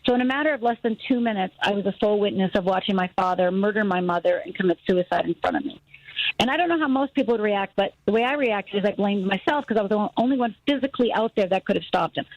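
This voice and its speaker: A middle-aged woman from Upper Michigan, a guest on a radio talk show, telling a personal story in an animated way, acting out voices and laughing easily. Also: mid-range voice, fast, no echo, dull audio. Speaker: guest, fear expert.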